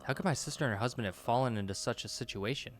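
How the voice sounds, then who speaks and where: A man reading as a brooding homecoming gentleman. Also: medium pitch, very fast, close to an everyday voice. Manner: brooding, reflective. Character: returning man of the house, gloomy and reflective.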